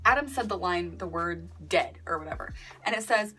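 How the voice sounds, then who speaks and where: A young woman giving a casual book review vlog, animated and sarcastic, who mocks quoted lines in a breathy whisper. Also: on the low side, normal speed.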